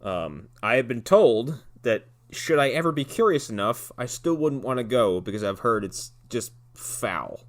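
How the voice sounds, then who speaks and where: Lively rambling man reviewing a movie. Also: mid-range voice, measured pace, hardly any pauses. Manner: rambling, profane, restarts often. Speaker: podcast co-host. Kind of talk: casual movie review chat.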